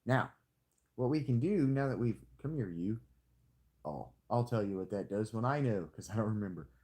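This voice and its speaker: Lively, rambling male game streamer. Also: moderate pace. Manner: rambling, jokey self-talk with sudden high squeaks; playfully hamming a hick drawl. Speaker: streamer playing a strategy game. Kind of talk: casual live-stream commentary.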